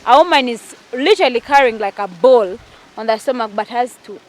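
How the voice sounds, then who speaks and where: A woman's voice: fairly high pitch, fairly quick. A woman, chatting emphatically with friends about pregnancy. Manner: animated, emphatic storytelling. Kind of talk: casual chat.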